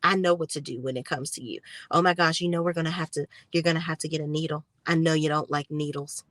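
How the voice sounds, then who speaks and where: A woman's voice: low voice, fairly even intonation, quick pace, a bit bright, dry recording, pitched below the performer's own voice. A woman putting on the voice of a possessive pregnant woman, cooing and smug.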